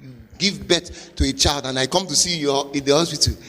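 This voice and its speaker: A man with a Nigerian accent, a pastor giving a motivational sermon with forceful, repetitive exhortation. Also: on the high side, steady tone, fairly quick. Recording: long hall reverb.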